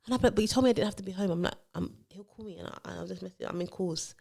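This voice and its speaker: A woman with a gravelly, mid-range voice talks very fast while co-hosting a casual chat podcast. She animatedly tells stories and acts out the quotes of the people in them.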